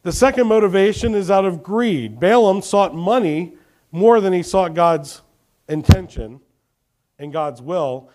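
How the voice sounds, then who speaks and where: A man's voice: sits high, animated, measured pace, darkish tone. A man preaching a sermon, telling Bible stories with animation and questioning his congregation. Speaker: pastor.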